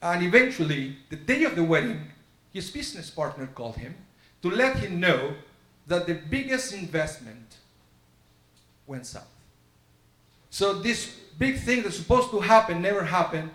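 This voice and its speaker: Guy giving a sermon, slightly high voice, tells a story and plays out the dialogue, echoey sanctuary. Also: big pitch swings, a little slow, fairly bright tone. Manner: storytelling sermon, acts out dialogue with shifting pitch. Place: synagogue sanctuary.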